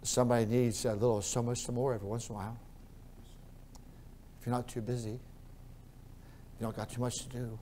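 A male pastor preaching a sermon, repeating his phrases and moving between quiet storytelling and loud, raised preaching. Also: mid-range voice, flat delivery, brisk, pauses often, a little hiss or hum.

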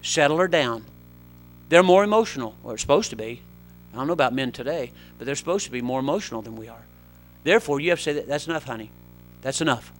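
A middle-aged man preaching a sermon, swinging between loud, urgent exhortation and quieter, conversational asides. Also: mid-range voice, animated, quick pace, faint music behind.

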